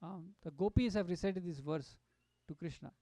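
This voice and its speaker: A man giving a devotional storytelling talk at a satsang, animated and full of fillers and restarts. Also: high voice, moderate pace, no room sound. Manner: animated, acts out quotes, many fillers and restarts. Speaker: satsang speaker.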